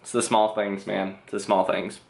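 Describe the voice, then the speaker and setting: A young man with a slightly low voice chats through viewer questions in a casual vlog from his bedroom. He is self-deprecating and loose, leaning on filler words as he answers. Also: level tone, normal speed, vocal fry. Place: bedroom with reading chair.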